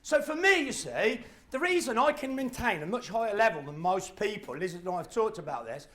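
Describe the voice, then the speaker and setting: A middle-aged man, giving a live motivational talk and telling stories with acted-out voices and shouts. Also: high-pitched, very animated, fairly quick. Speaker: motivational speaker.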